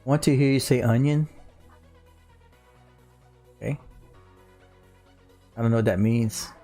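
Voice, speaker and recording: Slow and dark in tone, this man's medium-pitched voice comes through a boom-mounted studio mic with faint music behind it. He's in his thirties, a Cajun-accented South Louisianan livestreaming casually from home, reading comments aloud and drawling "y'all" in a laid-back style.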